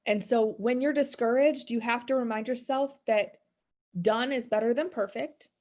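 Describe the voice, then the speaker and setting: Over a video call, a woman in her thirties who works as a business coach gives a casual motivational talk, rambling candidly about faith and discouragement. Her voice sits on the high side and sounds a little mellow.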